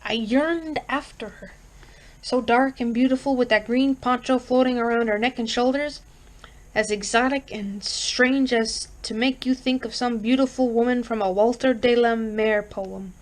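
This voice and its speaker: A woman reads a horror story aloud in a fairly high voice. Her narration is steady and expressive, in a storytelling style with a first-person narrator. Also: moderate pace. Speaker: reader.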